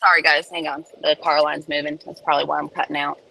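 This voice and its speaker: A woman's voice: low-pitched, level tone, fast, creaky, bright, forceful tone, poor audio. A woman host on a phone livestream, sitting in her car, ranting bluntly and profanely. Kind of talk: casual livestream rant. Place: in a parked car in a school pickup line.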